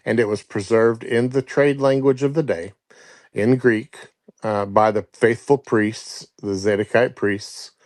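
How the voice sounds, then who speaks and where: A male caller earnestly explaining scripture in a measured, halting way. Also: on the low side, fairly even intonation, no room sound. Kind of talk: biblical teaching.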